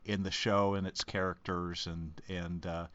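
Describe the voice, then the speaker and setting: Deep-voiced halting man, lo-fi sound. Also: little pitch movement, a bit bright, no room sound. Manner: halting, many fillers and restarts. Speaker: podcast co-host. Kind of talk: casual chat.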